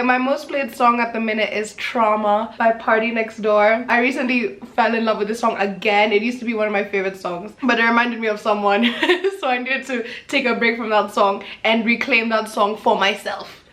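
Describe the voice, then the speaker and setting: Chatty, giggly young woman vlogger. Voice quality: giggly, laughs often mid-sentence. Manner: chatty and animated, bursts into high laughter. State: briefly teary. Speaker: radio host and vlogger. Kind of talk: casual Q&A chat to camera.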